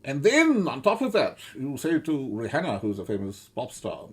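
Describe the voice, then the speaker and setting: A middle-aged man giving rambling, sardonic commentary, halting often with fillers and restarts. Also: medium pitch, wildly swooping pitch, slightly rough.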